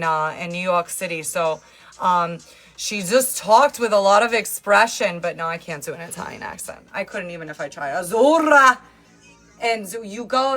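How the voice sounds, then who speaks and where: A woman's voice: on the low side, fairly bright tone. A talkative woman hosts a livestream from her phone. She chats casually with viewers, teases them playfully and answers their comments as they arrive. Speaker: livestream host.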